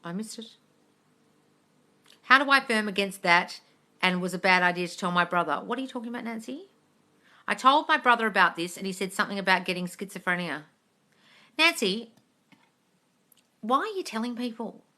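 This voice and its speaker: A woman's voice: mid-range voice, expressive, normal speed, pauses often, sharp tone. A woman, answering viewers' questions on a live stream in a casual, blunt way, swearing freely and calling listeners darling.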